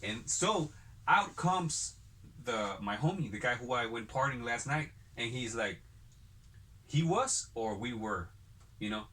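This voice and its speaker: A man's voice: medium pitch, animated, a little slow, sharp tone. A man hosting a casual podcast chat, telling long rambling stories full of cursing. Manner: rambling profane storyteller.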